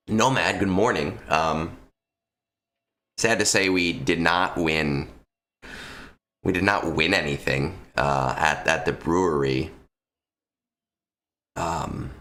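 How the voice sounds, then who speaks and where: A man with a low-pitched, slightly bright voice streams live from a room at home, chatting casually with viewers into a close microphone. He rambles and swears, with plenty of restarts and ums, and still has a lingering cough from being ill.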